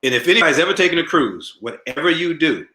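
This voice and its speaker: A middle-aged male comedian chats as an interview guest, spinning stories and laughing at his own punchlines. His voice is bright and very expressive, and the room around him is noticeably echoey. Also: on the high side, quick pace. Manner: animated storyteller who laughs at his own jokes. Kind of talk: casual interview storytelling. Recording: roomy echo.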